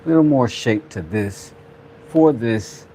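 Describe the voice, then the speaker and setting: A man's voice: mid-range voice, animated, a little slow, dark tone, slight background noise. A man hosting a casual workshop vlog, rambling playfully with jokey asides as he works. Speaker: craft channel host, father.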